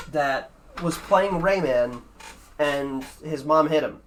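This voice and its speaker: A man's voice: on the high side, slow, a bit bright, a little hiss or hum. A man streaming a speedrun, chatting offhandedly with his viewers and swearing freely as he rambles. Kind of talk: casual chat with stream viewers while gaming.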